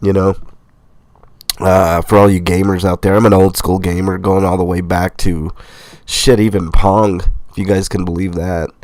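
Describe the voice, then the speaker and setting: Congested, low-voiced man hosting a livestream. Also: moderate pace, no echo. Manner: relaxed, rambling, with fillers and laughs. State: sick, congested nasal voice. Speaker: host. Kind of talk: casual livestream chat reading comments.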